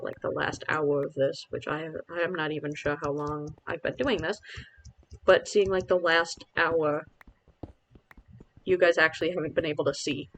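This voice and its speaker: A man's voice: fairly high pitch, a little hiss or hum, rough recording. Chatty self-mocking man streaming a game. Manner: rambling, self-deprecating, chatty with viewers. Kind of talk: casual live-stream commentary.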